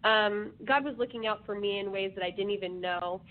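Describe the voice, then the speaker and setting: A woman guest slowly telling her life story in an interview, with measured pauses. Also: medium pitch. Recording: phone line with faint hiss.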